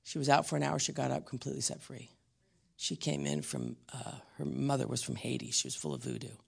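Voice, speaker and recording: A man preaching a blunt, emphatic teaching sermon, slowing down and dropping to a whisper on key words. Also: medium pitch, vocal fry, slightly rough.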